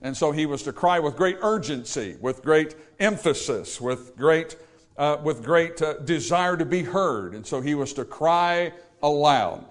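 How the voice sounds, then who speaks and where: A man's voice: a little high, lively intonation, moderate pace. A man preaching a sermon, earnest and emphatic, repeating key words to drive his points home.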